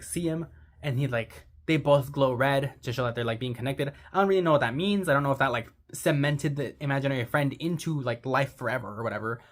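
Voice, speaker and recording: Rambling, gushing young movie recapper. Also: mid-range voice. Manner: rambling, heavy use of "like"; gushing and sentimental. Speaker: movie reviewer.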